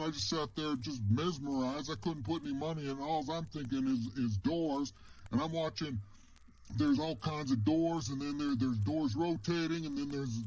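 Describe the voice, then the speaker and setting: A man's voice: fairly high pitch, darkish tone, low-quality recording. A man telling a story casually in the first person, rambling and ending many phrases with "man".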